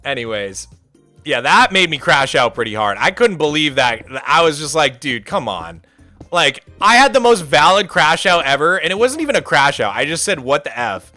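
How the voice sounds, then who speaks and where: Male streamer, high bright voice, ranting storyteller with big swings, faint music underneath. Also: moderate pace. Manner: animated, ranting, sarcastic, swings to shouting. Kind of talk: casual storytelling on a livestream.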